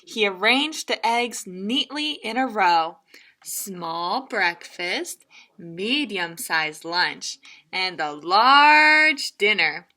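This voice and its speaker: A female children's librarian with a mid-range voice reads a picture book aloud very slowly. She's playful and animated, tossing in laughing asides.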